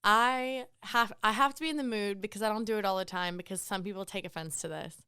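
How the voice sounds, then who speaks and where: Chatty woman, very smooth clear voice. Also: mid-range voice, fast talker, pushed and bright, dry recording, clean studio sound. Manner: chatty, laughs often, goes off on tangents. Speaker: podcast co-host, bartender. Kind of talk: casual chat.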